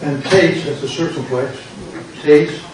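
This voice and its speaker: Older American pastor teaching a Greek class. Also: male voice, fairly high pitch, steady tone, a little slow. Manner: quizzing students, repeating words, playful puns. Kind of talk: classroom lesson with drills. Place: church classroom. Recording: very echoey room, mic far off, noise.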